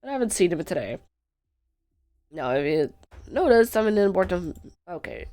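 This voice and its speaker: A woman's voice: lowish voice, big pitch swings, moderate pace, mellow. A woman streamer chatting casually through a puzzle game, sick and sleepy, playful and self-mocking. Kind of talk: casual gameplay commentary.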